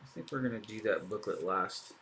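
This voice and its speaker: A man's voice: fairly low pitch, fairly quick, fairly bright tone, slight background noise. A man hosting a live card break, chatting in an upbeat way as he opens packs and thinks aloud. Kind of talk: casual live commentary while opening packs.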